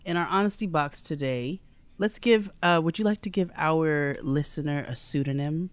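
A woman's voice: sits low, normal speed, smooth, no echo. A woman co-hosting a podcast, reading an ad and a listener's letter aloud in a casual, upbeat way. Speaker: podcast co-host. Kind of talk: casual podcast chat and ad read.

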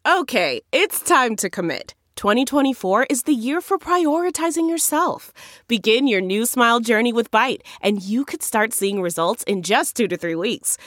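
A woman's voice: on the high side, animated, normal speed, a bit bright, no echo, clean studio sound. A woman reading a scripted podcast ad in an upbeat, promotional manner. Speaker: ad reader. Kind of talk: scripted ad read.

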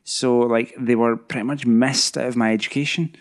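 A man's voice: mid-range voice, steady tone, moderate pace. A middle-aged man with a Scottish accent, co-hosting a podcast in casual, self-deprecating chat. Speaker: podcast co-host.

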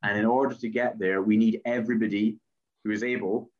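A man's voice: on the low side, fairly even intonation, brisk, muffled recording. A politician answering interview questions earnestly, often repeating words as he searches for them. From Scotland.

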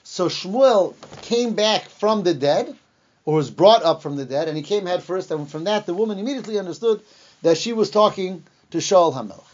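In a dull, lo-fi recording, an expressive Torah teacher with a high voice teaches from the Bible, narrating energetically and dramatizing the quoted speech. His delivery includes occasional pauses, fillers, and restarts.

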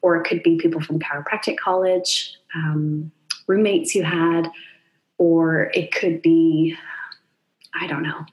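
A woman's voice: sits low, fairly even intonation, a little slow, muffled recording, faint music behind. A woman in her forties, a chiropractor co-hosting a podcast, talking reflectively and thinking aloud. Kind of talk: conversational podcast chat.

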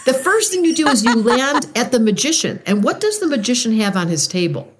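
Animated woman talking about astrology. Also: fairly quick, noisy background. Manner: expressive, acts out moods with big pitch swings. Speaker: astrologer guest. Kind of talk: conversational podcast interview.

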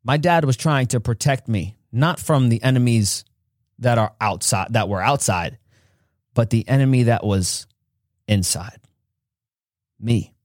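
Here the host slows down a little and pauses often, his voice slightly mellow as he emphatically tells his personal story and acts out the childhood exchanges with rising pitch. The sound is clean studio quality without echo.

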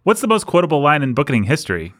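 A young man hosting a podcast, joking around in casual chat with friends. His voice is bright and lively, rising and falling a lot. The sound is dry and close. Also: a little high, rapid-fire, dry recording. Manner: playful, joking. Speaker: podcast host.

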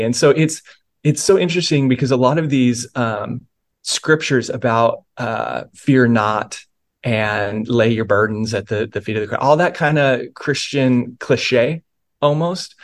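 A man's voice: mid-range voice, unhurried. A man, a pastor and author, earnestly telling a personal story of faith in a podcast interview, with many restarts.

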